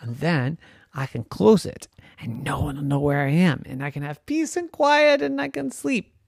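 A man voicing a sleepy young boy who hunts for a place to sleep, talking in an excited, bouncy way. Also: a little high, moderate pace, vocal fry, dry recording, clean studio sound. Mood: scheming.

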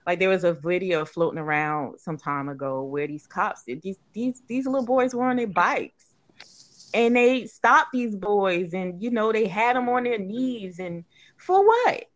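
A woman's voice: medium pitch, a little slow. A woman co-hosting a casual podcast discussion, talking emphatically with many restarts and rising into indignant rhetorical questions. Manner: frequent restarts and fillers. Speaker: podcast co-host.

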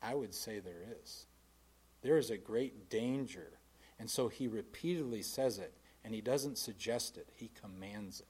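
A man preaching a sermon in an earnest, plainspoken way, swinging from forceful emphasis to quiet asides. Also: fairly low pitch, measured pace, husky.

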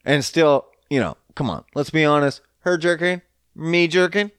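A man hosting a podcast, talking in a crude, rambling, profane casual monologue, relaxed and smoking as he goes. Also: on the high side, moderate pace, clear, resonant tone, no room sound, studio quality. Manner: laid-back, smoking while talking.

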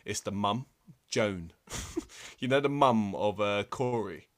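A man's voice: lowish voice, animated, slow pace, fairly bright tone, no room sound, clean studio sound. A young man, co-hosting a casual film chat and chipping in with joking asides. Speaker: film podcast co-host.

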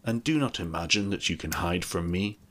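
A man voicing an angry, grim beast who rules a castle, speaking in a stern, menacing way in a deep voice. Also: expressive, moderate pace, fairly bright tone.

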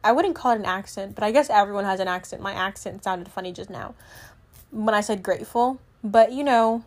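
A woman's voice: medium pitch, a little fast, a little mellow. A teenage girl vlogging in casual chat, rambling and filler-heavy, often trailing off and restarting her sentences. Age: teens. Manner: self-correcting, trails off and restarts.

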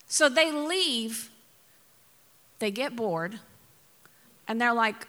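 A woman pastor giving a sermon, telling the story in a lively way with acted quotes and asides to the congregation. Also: fairly high pitch, a little slow, big-room sound.

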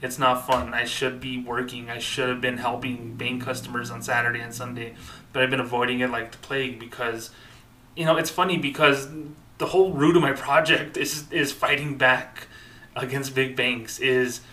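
A man's voice: mid-range voice, little pitch movement, moderate pace, sharp tone, recorded from a distance, low-quality recording. A man in his thirties hosting a podcast, talking in an upset, earnest way with many fillers and restarts. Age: 30s. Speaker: podcast host. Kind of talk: personal podcast monologue.

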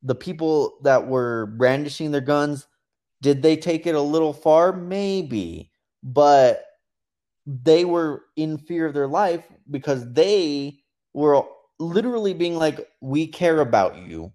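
A man with a fairly high voice recounts events in a casual podcast chat. He slips into quoted voices as he tells the story. His delivery is animated and conversational. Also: slow. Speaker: podcast co-host.

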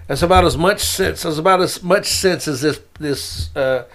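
A man's voice: on the high side, moderate pace, fairly bright tone, soft background music. A man hosting his own opinion podcast, talking in a sarcastic, mocking way. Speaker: podcast host.

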